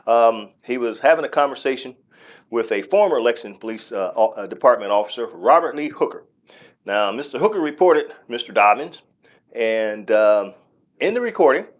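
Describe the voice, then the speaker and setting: Animated man hosting news talk. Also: medium pitch. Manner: animated, talks straight to the audience with scornful asides. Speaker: news commentary host. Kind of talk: opinionated news commentary.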